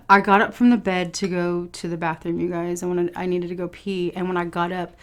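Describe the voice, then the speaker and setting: A woman's voice: fairly low pitch, little pitch movement, moderate pace, clear, resonant tone. A young woman vlogger telling a personal story to her viewers in a casual, chatty way, swearing now and then and laughing. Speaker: food vlogger.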